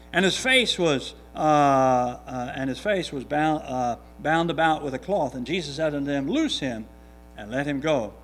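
A man's voice: on the high side, a bit bright. A man reading scripture aloud and then preaching a sermon, earnest and emphatic, repeating his key points with frequent restarts.

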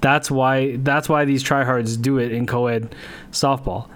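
A man's voice: medium pitch, fairly even intonation, a little slow, fairly bright tone. A man co-hosting a casual sports podcast, stretching out emphatic opinions in banter. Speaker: podcast co-host.

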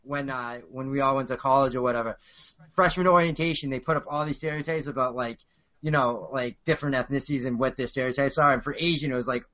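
A man in his late twenties with a Boston accent chats as a podcast guest. He talks in loose, filler-heavy stretches at an ordinary pitch. The recording sounds a little dull and lo-fi. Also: fast talker, fairly bright tone. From South Korea. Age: 20s. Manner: rambling, filler-heavy storytelling. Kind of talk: casual podcast chat.

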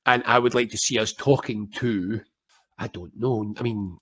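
An older Scottish man in casual conversation, an animated storyteller who acts out quoted voices with wry humour. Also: on the low side, normal speed, slightly rough. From Scotland.

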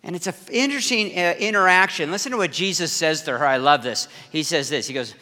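Man in his 50s, preaching, energetic, conversational, fairly high voice, echoing hall. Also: fast, few pauses. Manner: energetic, conversational, talks straight to the crowd. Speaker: pastor. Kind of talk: sermon.

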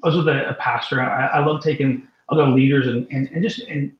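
A man, a guest minister, telling a story with animated emphasis and acting out the voices of the people in it. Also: medium pitch, brisk, echoey room, muffled recording. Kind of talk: storytelling in a faith talk show.

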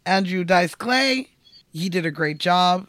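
An animated woman co-hosts a casual talk about a film, recorded close and dry with no room sound. She rattles along in a loose, chatty way. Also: fairly low pitch, slow, no echo. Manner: animated, quotes characters in exaggerated voices, laughs often. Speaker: podcast co-host.

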